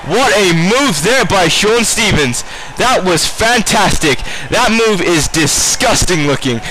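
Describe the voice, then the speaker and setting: High-voiced excitable man doing wrestling commentary. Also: slight background noise, rough recording. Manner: excitable, shouting at big moves. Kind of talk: play-by-play commentary over a video game. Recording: loud music behind the voice.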